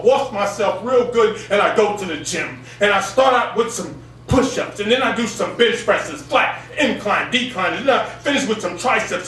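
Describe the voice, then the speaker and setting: A man with a baritone voice performing spoken word poetry at an open mic, with a rhythmic delivery that keeps coming back to a refrain. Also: fairly bright tone. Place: cafe gallery open mic stage. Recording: echoey room, far from the mic, faint hum.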